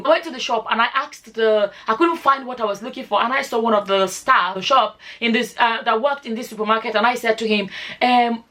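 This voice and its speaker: A woman's voice: on the high side, a bit bright. A Nigerian woman in her forties with a Nigerian accent, chatting casually to camera in a rambling, self-correcting way that slips into pidgin. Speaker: vlogger.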